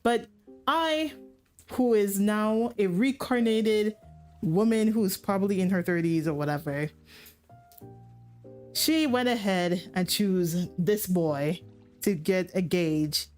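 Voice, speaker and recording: A woman's voice: mid-range voice, takes it slowly, darkish tone, soft background music. A woman streamer casually retelling a story, rambling, swearing and laughing.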